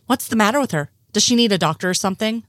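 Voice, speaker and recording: A woman reading the lines of a nervous, innocent man, a little higher than her narration. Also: animated, very fast, a bit bright, no room sound, studio quality, natural voice. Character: nervous, well-meaning male conspiracy nerd.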